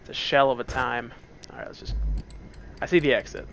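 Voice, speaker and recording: A man's voice: mid-range voice, brisk, vocal fry, a bit bright, slight background noise. A man casually joking and rambling through commentary on a game, seated at a computer at home. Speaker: let's play gamer.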